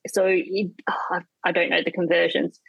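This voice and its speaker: A woman's voice: fairly low pitch, flat delivery, normal speed, vocal fry, fairly bright tone, slightly rough, no room sound, lo-fi sound. Rambling Australian woman on a dry line. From South Australia. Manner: rambling, restarts thoughts, laughs easily. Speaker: guest. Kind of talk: casual chat.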